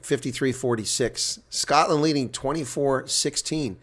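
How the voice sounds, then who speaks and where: A man giving live reaction play-by-play commentary on a rugby match, getting loud on big plays and dropping to quiet asides. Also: mid-range voice, a little slow.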